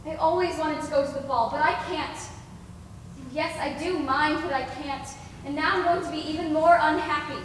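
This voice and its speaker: A woman's voice: sits high, fairly even intonation, moderate pace, a little hiss or hum, natural voice. A young woman playing a sad, self-doubting young girl in a school stage play, wistful and plaintive. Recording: echoey hall, far from mic.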